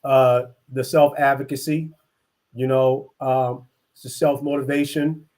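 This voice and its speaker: A middle-aged man from East Oakland, telling his life story as an interview guest, earnest and halting with many restarts. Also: mid-range voice, level tone, darkish tone. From East Oakland, California. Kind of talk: reflective personal storytelling.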